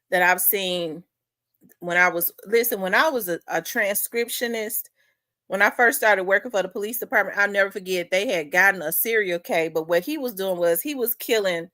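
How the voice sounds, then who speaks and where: A woman's voice: medium pitch, fairly bright tone, no echo. A woman host telling a story in casual chat, talking in winding asides and repeating herself.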